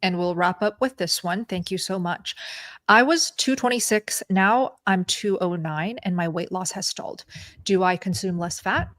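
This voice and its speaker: A woman's voice: fairly low pitch, moderate pace, fairly bright tone. A woman hosting a live stream, reading viewer questions and answering in an upbeat way. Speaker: host.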